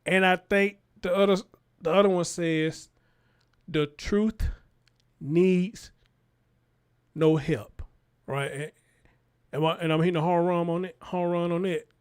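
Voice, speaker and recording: Animated high-voiced man riffing to chat. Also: takes it slowly, pauses often, clean tone. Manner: animated, talks straight to chat. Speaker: livestream show host. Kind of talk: casual livestream commentary.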